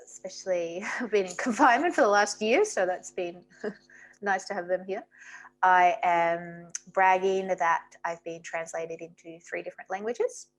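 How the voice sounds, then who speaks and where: A woman from Australia, a guest in a podcast interview, talking casually and warmly with frequent laughs. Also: lowish voice, measured pace. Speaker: podcast guest, dating expert.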